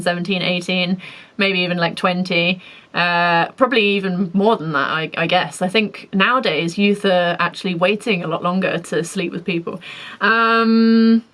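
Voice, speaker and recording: A woman's voice: fairly low pitch, a bit bright, poor audio. A young woman with a British accent, chatting casually as a vlogger reacting to comments, candid with wry asides. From Britain.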